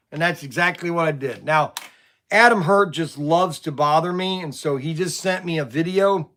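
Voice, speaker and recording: A man's voice: high voice, moderate pace, a bit bright. A middle-aged man who owns a toy shop, rambling and stammering through livestream stories and frustrations. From Ohio. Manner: stammering, restarts often, venting.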